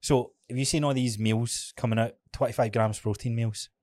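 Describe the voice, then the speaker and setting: A man's voice: medium pitch, fairly even intonation, normal speed, darkish tone. A man with a Scottish accent, a fitness coach co-hosting a casual podcast, talking frankly, swearing often and acting out his own stories.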